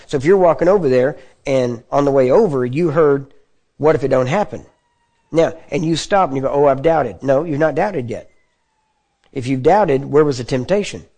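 A man preaching a sermon in a conversational teaching manner, often checking in with his listeners and clearing his throat. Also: mid-range voice, mellow. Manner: conversational teaching with frequent check-ins to the audience.

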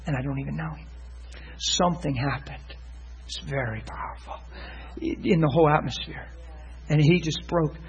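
Husky, high-voiced preacher telling a story. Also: male voice, moderate pace, muffled recording. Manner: animated storytelling, acting out quoted voices, swinging from loud to hushed. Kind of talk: sermon testimony.

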